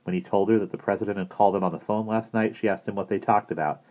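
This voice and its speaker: A man reading a children's book aloud in a lively, expressive way, in a muffled lo-fi recording. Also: fairly low pitch, fast talker. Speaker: audiobook reader. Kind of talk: storybook narration.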